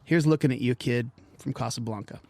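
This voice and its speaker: A man's voice: mid-range voice, fairly quick, gravelly, dark tone, no echo. A man co-hosting a movie podcast, laid-back and self-deprecating in casual chat. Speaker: podcast co-host.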